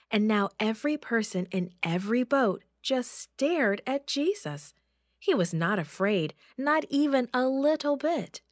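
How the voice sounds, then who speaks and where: A woman's voice: medium pitch, darkish tone, dry recording, studio quality. A woman reading a Bible story aloud over a video call, lifting her voice for dramatic moments.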